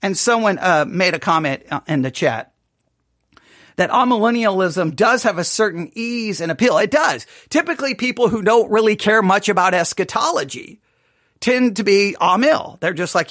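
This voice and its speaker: A man's voice: high-pitched, lively intonation, normal speed, fairly bright tone, no echo, clean studio sound. A man teaching a Bible study, reacting to a sermon with emphatic, sarcastic exasperation. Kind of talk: livestreamed Bible study commentary.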